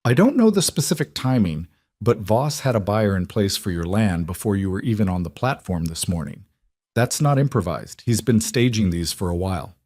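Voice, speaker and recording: A man doing a quiet, careful cowboy. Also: on the low side, animated, moderate pace, dry recording, studio quality. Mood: quiet, earnest. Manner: quiet, careful, plain-spoken.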